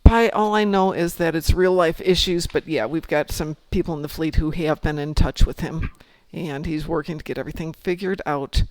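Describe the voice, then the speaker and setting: A man's voice: fairly high pitch, fairly even intonation, normal speed, hardly any pauses, darkish tone, dry recording. A man hosting a casual gaming stream, chatting with his group and answering chat messages in a rambling, friendly way. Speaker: streamer host.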